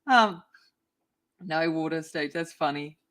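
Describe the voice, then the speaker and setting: A chatty woman talks loosely to her livestream viewers while she colors, her voice sitting a little on the low side. She greets people in the chat by name and gets excitable. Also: slow pace. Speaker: art livestream host.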